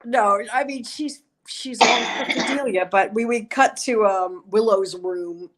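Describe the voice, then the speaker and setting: A woman casually recapping TV episodes on a podcast, telling it in an animated way. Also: medium pitch, measured pace. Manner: animated storyteller, acts out quotes. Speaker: podcast co-host.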